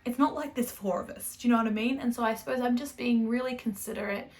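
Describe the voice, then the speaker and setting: A woman's voice: on the high side, quick pace, a little mellow. Young Australian woman, casual knit-and-chat host, chatty and self-correcting. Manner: chatty, rambling, self-correcting, laughs often. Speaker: knitting podcast host.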